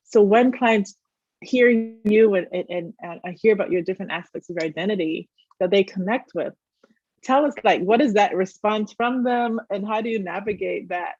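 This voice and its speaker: A woman hosting an interview, talking in a lively, chatty way with many fillers and quick laughs. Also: medium pitch, no room sound. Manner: animated, laughs often, lots of fillers. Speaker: host. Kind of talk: casual interview chat. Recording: muffled dry video-call audio.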